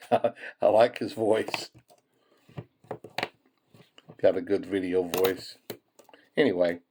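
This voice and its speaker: A man's voice: low voice, takes it slowly, a little mellow, slight background noise. Folksy man chatting over coin rolls. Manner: folksy, chuckles often, addresses viewers as folks. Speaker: coin-roll hunting channel host. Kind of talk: casual chat while searching coin rolls.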